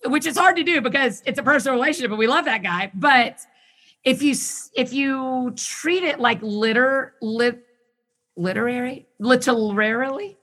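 A woman talking as a guest in a casual conversation, enthusiastic and quick in bursts, often restarting her sentences. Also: sits high, a bit bright. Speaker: podcast guest who hosts her own show.

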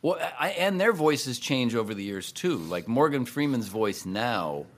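A male voice actor and impressionist chatting casually in an interview, quick and chatty and laughing often. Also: mid-range voice, sing-song.

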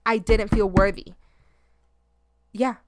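Speaking slowly and steadily in a mid-range voice, this thirty-something woman runs a laid-back solo podcast. She's frank and foul-mouthed, sometimes slips into Spanish, and comes across as drowsy, with yawns breaking through.

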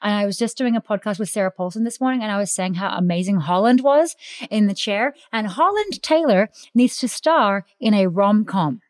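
A woman interviewing a guest in a casual chat, asking quick, playful, teasing questions. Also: medium pitch, expressive.

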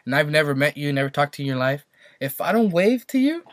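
A man's voice: on the high side, sing-song, fast talker, no echo. Rambling young man, dry close mic. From Santa Maria, California. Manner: rambling storyteller, many fillers and repeats. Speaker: podcast co-host. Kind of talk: casual chat.

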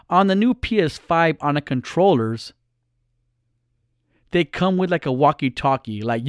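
A man's voice: medium pitch, dry recording, clean studio sound. A middle-aged man vlogging in a blunt, profane, heated rant straight to his viewers. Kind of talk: casual ranting monologue.

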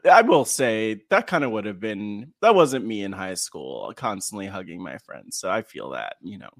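Animated man joking on a recap podcast. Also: fairly low pitch, moderate pace, hardly any pauses, dry recording. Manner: animated, jokey, laughs often and self-corrects. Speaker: podcast co-host. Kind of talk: casual episode recap chat.

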